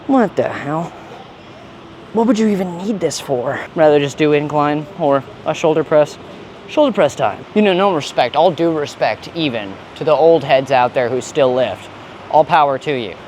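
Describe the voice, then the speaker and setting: A man's voice: a little high, expressive, moderate pace, a little mellow, slight background noise. A young man ranting and joking in a gym, casual and full of profane slang. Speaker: fitness vlogger. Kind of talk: casual gym vlog rant.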